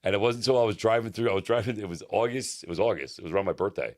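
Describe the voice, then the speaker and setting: Fast-talking low-voiced man telling stories. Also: a little mellow. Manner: rambling storyteller with many restarts and fillers. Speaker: co-host, personal trainer. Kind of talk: casual podcast chat.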